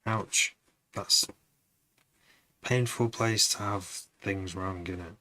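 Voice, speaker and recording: A man's voice: low voice, steady tone, slow pace, pushed and bright. A man producing music on a live stream, chatting to viewers in a rambling, casual way.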